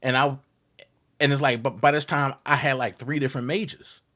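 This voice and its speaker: A young man telling a story about his college days, acting out the voices of the people in it with loud jumps. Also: medium pitch, steady tone, brisk. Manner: acts out quotes with big loud jumps in voice. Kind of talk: animated storytelling.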